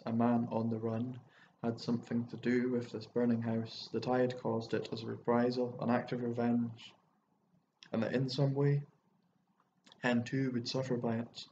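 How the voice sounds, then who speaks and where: A man narrating a first-person short story in a measured, even way. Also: medium pitch, a little hiss or hum. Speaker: audiobook narrator. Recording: muffled audiobook recording.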